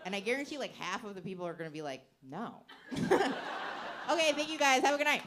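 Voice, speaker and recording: A woman's voice: a little high, very animated, quick pace, crowd noise, noisy background. A young woman performing a stand-up comedy set on a club stage into a handheld mic, rambling with lots of filler words and frequent giggles.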